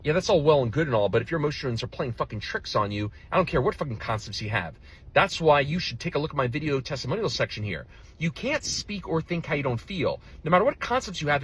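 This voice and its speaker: A man's voice: a little high, a bit bright, breathy edge. A male relationship coach reacting to another video in a blunt, heated, profane rant. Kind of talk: reaction commentary.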